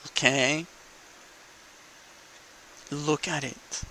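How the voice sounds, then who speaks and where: A man's voice: fairly high pitch, steady tone, extremely slow, sharp tone, low-quality recording. A young man in a casual, profane political rant to camera, asking "okay?" between points. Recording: faint background noise.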